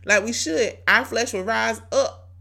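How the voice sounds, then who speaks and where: A woman's voice: a little high, a little slow, creaky, pushed and bright. A woman hosting a devotional podcast, exhorting listeners in a conversational, preachy way, with rhetorical questions and repeated key phrases. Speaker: podcast host.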